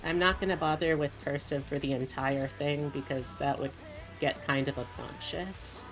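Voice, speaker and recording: A woman's voice: low-pitched, normal speed, music in the background. A woman VTuber chatting casually while she draws on stream, rambling with lots of asides.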